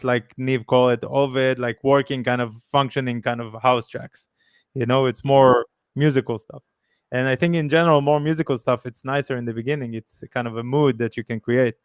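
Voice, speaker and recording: Smooth-voiced man co-hosting a stream. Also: mid-range voice, dry recording, clean studio sound. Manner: easygoing, loose phrasing, plugs subscriptions. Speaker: podcast co-host. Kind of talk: casual chat on a livestream.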